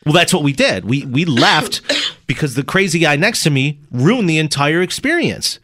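Animated storytelling radio host man. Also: a little high, normal speed, no room sound. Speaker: radio morning show host. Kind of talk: casual storytelling on air.

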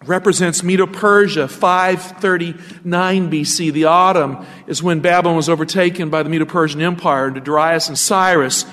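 In a sermon, a pastor teaches from scripture, stopping now and then to pose rhetorical questions to his listeners. His voice is high for a man with a fairly bright tone, and a long reverb trails each word.

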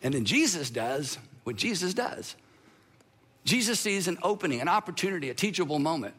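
A man preaching a sermon, his voice sitting high and ringing bright. He talks to the audience in a lively, conversational way, with quick asides and direct questions. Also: husky. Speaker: pastor.

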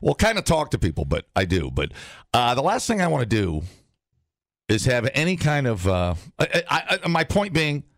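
A man's voice: medium pitch, huge pitch swings, normal speed, dry recording, studio quality. A man hosting a morning radio show, reading news items aloud with sarcastic wisecracks in casual banter.

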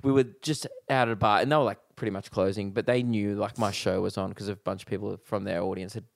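A man's voice: lowish voice, quick pace, gravelly, no echo, studio quality. A man, a comedian co-hosting a podcast, telling a story in casual chat and acting out the voices of the people in it. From Australia. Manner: animated, acts out the voices in his story.

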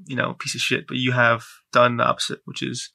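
Male podcast host, quietly affirming, very bright, sharp tone. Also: medium pitch, monotone, a little fast, gravelly. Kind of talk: interview wrap-up.

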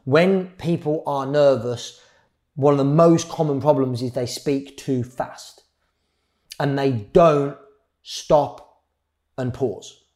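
A middle-aged man giving a public speaking workshop, shifting his pace and volume and pausing for effect. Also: mid-range voice. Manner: varies speed and loudness, pauses for effect. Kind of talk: live workshop talk.

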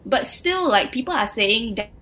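A woman's voice: on the high side, animated, normal speed, sharp tone, low-quality recording. A young woman, co-hosting a casual pop culture podcast and talking in a chatty way with many fillers. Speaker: podcast co-host.

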